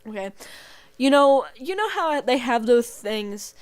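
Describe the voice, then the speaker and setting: A woman's voice: fairly high pitch, expressive, measured pace. A young woman hosting a casual podcast, telling stories with laughter and acting out voices. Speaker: podcast host. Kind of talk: casual storytelling chat.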